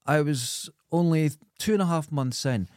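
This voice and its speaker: A Scottish man co-hosting a podcast, telling animated, sweary stories in casual chat. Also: a little high, moderate pace, no room sound, studio quality. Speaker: podcast co-host.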